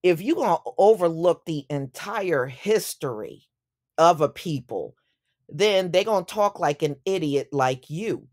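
A woman's voice: lowish voice, animated, measured pace, darkish tone. A woman delivering an opinion commentary vlog, speaking emphatically and indignantly and repeating phrases for effect. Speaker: YouTube commentator.

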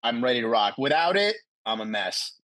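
Profane, animated man telling stories. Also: medium pitch, brisk. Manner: profane, animated, acts out quoted people. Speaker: guest, medical doctor. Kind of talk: casual storytelling chat. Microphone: video call.

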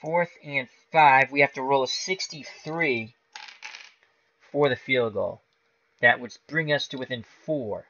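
A man hosting a live stream of a tabletop football game, calling each dice roll in casual play-by-play and getting excited at big plays. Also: mid-range voice, a little slow, muffled recording.

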